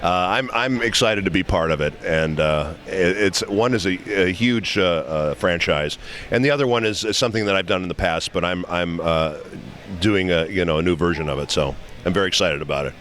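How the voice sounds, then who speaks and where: Low-voiced chatty male voice actor. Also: a little fast, a bit bright. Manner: chatty, enthusiastic, many restarts and fillers. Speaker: voice actor guest. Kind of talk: convention interview, anecdotal storytelling. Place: convention venue. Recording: faint background noise.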